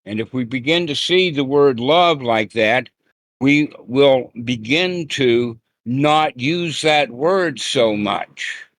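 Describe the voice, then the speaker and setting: A man's voice: medium pitch, slow pace, fairly bright tone, no room sound. A man giving a plain-spoken, folksy Buddhist teaching talk over an online group call. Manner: plain-spoken, folksy, acts out quoted lines.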